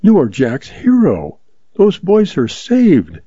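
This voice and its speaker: A man voicing an earnest young woman in a storybook reading, speaking softly and sincerely. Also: a little high, wildly swooping pitch, slow pace, husky, no echo, highs cut off, voice pushed up, exaggerated voice. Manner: soft, earnest.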